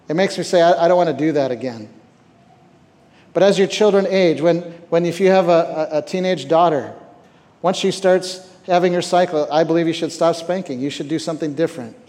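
In a reverberant hall, a male camp speaker gives a conversational sermon about parenting. His fairly high, darkish voice stumbles over repeated words, and he poses rhetorical questions to the room.

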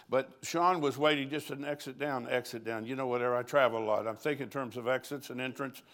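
A man's voice: medium pitch, fast talker, hardly any pauses, fairly bright tone. Folksy older man preaching a sermon. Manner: folksy, anecdotal, chuckles between lines. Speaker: pastor. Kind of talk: conference sermon with storytelling.

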